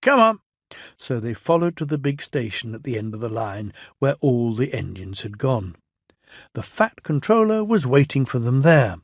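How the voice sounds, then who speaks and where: A man with a British accent reading a children's storybook aloud in a gentle, measured way. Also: medium pitch, big pitch swings, no echo, studio quality.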